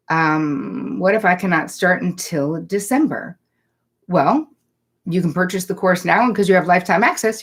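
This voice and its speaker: Chatty woman therapist answering live questions. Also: lowish voice. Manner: animated, chatty, reads viewer comments aloud. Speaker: psychotherapist hosting a live Q&A. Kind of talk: live-streamed Q&A, casual and direct.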